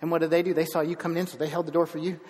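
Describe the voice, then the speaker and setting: A man's voice: a little high, flat delivery, rapid-fire, a little mellow, big-room sound. A man preaching a sermon as pastor, conversational, with frequent restarts and asides.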